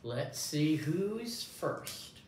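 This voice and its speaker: A man's voice: a little high, very animated, drawn-out words, a little mellow. A man running a hearing test demonstration, speaking to the listener in an encouraging way, as if to a young child. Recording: echoey room, faint background noise.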